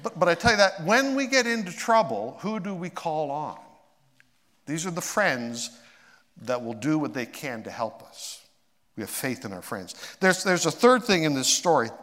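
A man preaching a sermon, telling a personal story with swings from excited to hushed and emotional. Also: fairly high pitch, moderate pace, in a large hall. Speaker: pastor.

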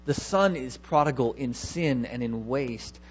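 A man's voice: mid-range voice, unhurried, slightly rough, lo-fi sound. A man preaching a sermon, emphatic, repeating key words and asking rhetorical questions.

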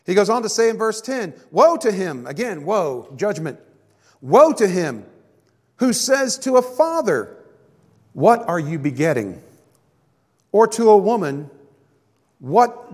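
A man preaching a sermon as a pastor, folksy and joking, acting out complaining voices. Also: on the high side. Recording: echoey hall.

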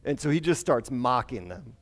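A man's voice: mid-range voice, big pitch swings, moderate pace. A man teaching a conversational Bible lesson, retelling stories animatedly with casual asides and fillers.

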